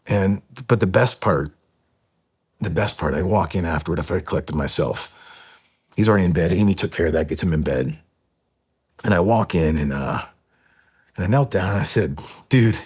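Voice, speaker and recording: A middle-aged man with a deep, husky voice recounts a painful personal story as a podcast guest. He speaks earnestly and haltingly, often restarting his sentences. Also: a little mellow. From United States.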